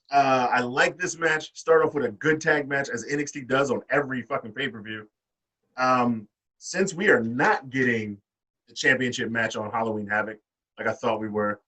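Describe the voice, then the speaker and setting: A man's voice: medium pitch, pushed and bright, recorded from a distance, poor audio. A man hosting a casual wrestling podcast, cursing freely as he reads his shorthand match notes. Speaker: podcast host.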